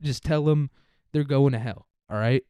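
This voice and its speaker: A man's voice: mid-range voice, moderate pace, dark tone, clean tone, no echo, clean studio sound, natural voice. A man voicing a flustered male God who makes up rules on the spot, talking in a casual, profane way. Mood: irritated. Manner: casual, profane, making it up as he goes.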